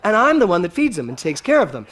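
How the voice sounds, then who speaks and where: A man giving a storytelling sermon to a congregation, animated and often laughing as he talks. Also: high-pitched, fast talker. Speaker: speaker at a spiritual center.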